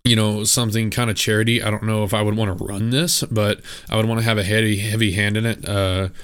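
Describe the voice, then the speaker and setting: A man with a lowish voice and a smooth, clear tone talks through a solo podcast episode. He rambles casually with plenty of "uh"s, speaking candidly and plainly. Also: little pitch movement, quick pace, fairly bright tone. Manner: casual, rambling, candid with frequent filler words. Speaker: podcast host.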